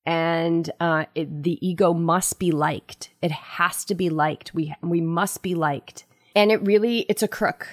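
A woman with a slightly low voice talks earnestly about the ego on her podcast. She tells a personal story and jumps up in pitch when she acts out the people in it. The sound is close and dry, with no room in it. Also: a little slow, dry recording. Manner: earnest, storytelling, animated quoting. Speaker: podcast host. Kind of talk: spiritual self-help podcast talk.

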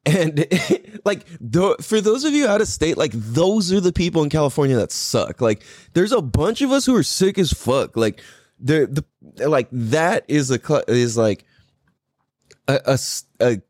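A man's voice: on the high side, sing-song, measured pace, a little mellow, dry recording, clean studio sound. A man hosting a podcast, telling a story in a casual, profane rant and laughing often. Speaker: podcast host.

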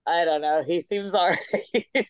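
Woman co-host, rambling and laughing, lower voice, dull lo-fi recording. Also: measured pace, smooth, no room sound. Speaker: podcast co-host. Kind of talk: casual chat. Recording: dull dry lo-fi audio.

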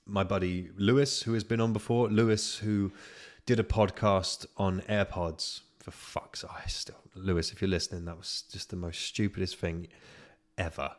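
A man's voice: sits low, steady tone, normal speed. A young man hosting a solo podcast, telling crude anecdotes with lots of swearing and laughter. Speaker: podcast host. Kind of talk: casual solo podcast chat.

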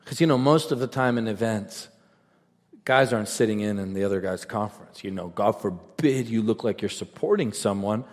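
A man preaching a sermon, telling stories conversationally and rising to fervent, shouted peaks. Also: lowish voice, moderate pace. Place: large event hall. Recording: reverberant large hall.

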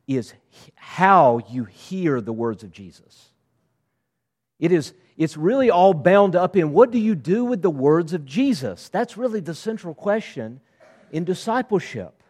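A man preaching a sermon, lively and conversational, acting out voices of the crowd and disciples in casual asides. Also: fairly high pitch, normal speed. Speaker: pastor.

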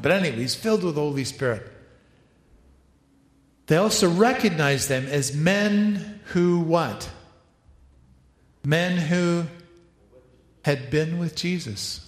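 A man preaching a sermon, animated, acting out quoted voices and making asides to helpers. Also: a little high, measured pace, pauses often. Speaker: pastor. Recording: echoey hall, reverberant.

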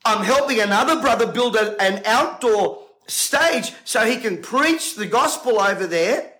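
An indignant male preacher with a strikingly high voice. He speaks to camera in a bright, forceful tone and keeps firing off rhetorical questions. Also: animated, a little slow, rough recording. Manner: emphatic, combative, rhetorical questions.

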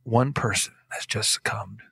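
A man parodying a male TV news anchor, reading grim news in a fake sentimental, hushed voice. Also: fairly low pitch, moderate pace, gravelly, slightly rough, no echo, voice pushed down, full character voice. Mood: mock solemn. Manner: solemn, hushed, falsely somber.

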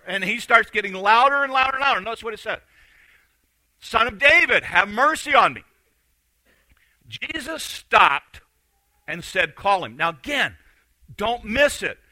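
A man preaching a sermon, telling a story with animated delivery and acting out the voices of the people in it. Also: sits high, dry recording, poor audio. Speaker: pastor.

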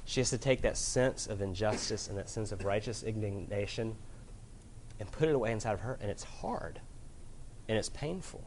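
A man preaching a sermon as pastor, asking the listeners questions, telling stories from home, and slowing down when he quotes scripture. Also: medium pitch, a little hiss or hum. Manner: earnest, asks rhetorical questions, warm family anecdotes; varies pace, slows right down to quote scripture.

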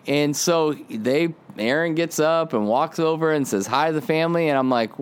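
A man who pastors, hosting a casual devotional podcast from outdoors on a windy day, talking in a relaxed, rambling way with many fillers. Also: a little high, moderate pace, clean tone.

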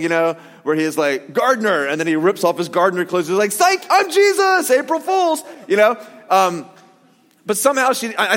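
A man preaching a sermon in a casual, animated way, with jokey asides. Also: high voice, long reverb tail. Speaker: pastor.

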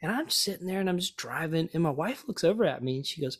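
A man, a pastor and author, telling stories as a guest in an interview, lively and often repeating words as he thinks. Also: high voice, fast talker, hardly any pauses. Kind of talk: conversational storytelling.

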